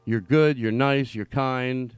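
A middle-aged man hosting a comedic podcast in a studio, rambling and excitable, swinging between yelling and quiet mumbling. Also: mid-range voice, slow, soft background music. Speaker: podcast host. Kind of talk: loose comedic podcast talk. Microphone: studio mic.

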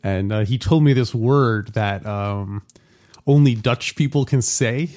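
A male podcast co-host in a casual chat about a film. He rambles through fillers and half-finished sentences and giggles often. His pitch sits in the middle. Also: a little slow, a little mellow.

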